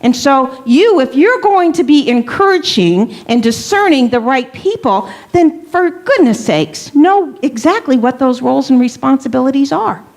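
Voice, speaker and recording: Workshop presenter, middle-aged woman, fairly high voice, chatty teaching style, keeps asking the room questions. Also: lively intonation, normal speed, hardly any pauses, a little mellow. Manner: conversational, checks in with "okay?" and questions to the audience. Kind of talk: church leadership workshop talk.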